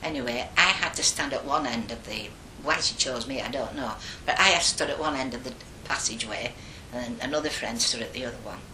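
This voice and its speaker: An older woman telling stories from her past in a chatty, animated way in an echoey room. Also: a bass voice, fairly quick, few pauses, a little hiss or hum. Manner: lively, chatty, animated retelling. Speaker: interviewee. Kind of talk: oral history storytelling.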